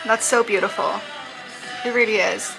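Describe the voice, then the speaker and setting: A woman's voice: mid-range voice, steady tone, moderate pace, vocal fry. A woman hosting a reaction video, talking casually and emotionally with lots of "like" fillers. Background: faint music video playing.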